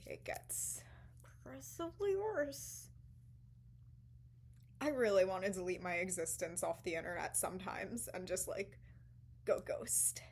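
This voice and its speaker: A young woman vlogger casually telling a dramatic personal story, animated, swearing now and then and dropping into sudden whispers. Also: lowish voice.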